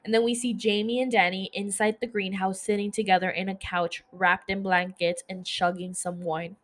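A woman with a middle-pitched voice recaps a show episode in a loose, chatty way. She swears freely and breaks off into gushing asides. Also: flat delivery, moderate pace, a bit bright. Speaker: podcast host.

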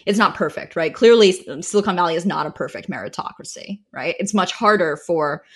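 A woman with a neutral Midwestern accent, speaking as an interview guest. She answers in a measured, thoughtful way, and her voice sits on the low side for a woman. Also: slightly rough. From Wisconsin and Boston. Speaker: venture capital guest. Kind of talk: casual interview.

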